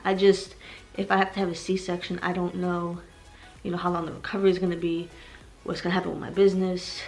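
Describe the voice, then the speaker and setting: A woman's voice: lowish voice, little pitch movement, fast, soft background music. A heavily pregnant young woman vlogging to her viewers, talking in an emotional, rambling way and growing tearful at times. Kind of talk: personal vlog confession.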